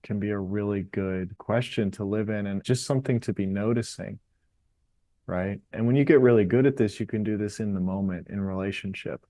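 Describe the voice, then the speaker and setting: A man with a low, warm, mellow voice talks through his ideas in a calm, explanatory way, as a guest on a podcast interview. His voice is dry and close, with no room sound around it. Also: a little fast, no echo. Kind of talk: reflective interview talk on meditation.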